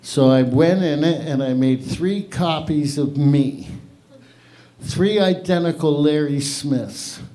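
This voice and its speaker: Slow, rambling middle-aged male comic. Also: on the high side, mellow. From half English, half Irish. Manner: rambling, profane, self-interrupting storyteller. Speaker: open mic host and comedian. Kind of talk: stand-up comedy. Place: live comedy venue with audience.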